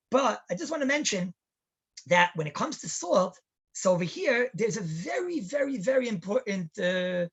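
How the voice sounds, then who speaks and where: Husky-voiced rabbi giving a class. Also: male voice, high voice, a bit bright. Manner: chatty, storytelling, asks rhetorical questions. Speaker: rabbi teaching a halacha class. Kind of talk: Torah class lecture.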